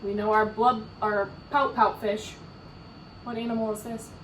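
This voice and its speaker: Woman teacher, storybook read-aloud, animated, slow, echoey room, distant mic. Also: mid-range voice, slight background noise. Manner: animated, asks questions, laughs. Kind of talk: reading a picture book aloud to children. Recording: roomy echo from far off.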